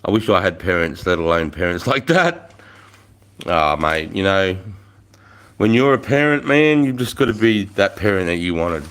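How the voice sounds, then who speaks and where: A very low-voiced Australian man in his forties hosts a casual livestream, talking into his phone at home. He is laid-back, swears freely and chuckles a lot. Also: expressive, moderate pace, fairly bright tone. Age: 40s. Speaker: livestream host.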